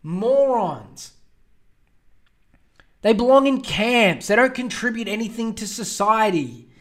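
High-voiced man ranting profanely. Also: a bit bright. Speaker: podcast host. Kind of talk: solo podcast rant.

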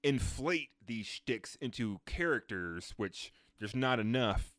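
A man hosting a casual film review podcast, animated and profane, with lots of fillers. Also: medium pitch, slow, dry recording, clean studio sound. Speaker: podcast host.

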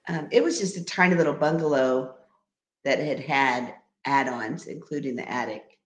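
A woman's voice: rumbling low, moderate pace. A middle-aged woman, the mother of the hosts, chatting casually as a guest and laughing as she tells stories. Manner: laid-back, laughing storyteller. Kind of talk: casual chat. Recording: echoey room.

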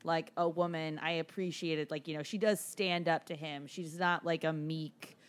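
Chatty woman with a lowish voice. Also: steady tone, normal speed. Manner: chatty, heavy use of filler words. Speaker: podcast co-host. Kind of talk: casual film discussion.

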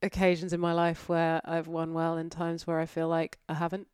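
A woman's voice: sits low, monotone, normal speed, darkish tone, smooth, no echo, clean studio sound. A woman in her forties from North Yorkshire, candidly reflecting on her life as a podcast guest. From North Yorkshire, England. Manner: reflective, candid, many fillers and restarts. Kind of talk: conversational interview.

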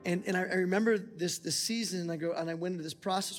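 A pastor in his forties preaches with fervor and his voice sits on the higher side. He climbs into near-shouted prayers, and the long reverb of a large church hall rings around him with soft music underneath. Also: fairly even intonation, fast talker. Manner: impassioned, rising to near-shouts, talks to God aloud. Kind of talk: sermon. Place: church auditorium.

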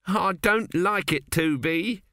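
A man voices a frightened builder in a comic audiobook, pitched high above the reader's own voice and quavering. He pleads and frets and sounds close, in a dry reading. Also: moderate pace, bright, forceful tone, no echo. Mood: panicky. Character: nervous quavering male pyramid builder.

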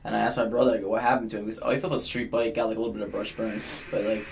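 A man's voice: on the low side, flat delivery, racing, a little hiss or hum. A young man on a casual podcast, telling a long story with a lot of animation, quoting people in changing voices and laughing often. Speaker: podcast guest.

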